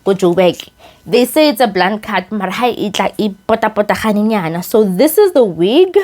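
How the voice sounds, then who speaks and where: A young South African woman chatting casually as she reviews a wig, excitable and expressive, switching languages mid-sentence. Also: medium pitch, normal speed. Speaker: beauty YouTuber reviewing a wig. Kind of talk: casual chat.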